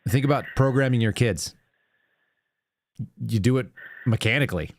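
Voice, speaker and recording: A man's voice: medium pitch, moderate pace, dry recording. A man hosting a call-in show, giving earnest advice in casual chat and walking through examples step by step.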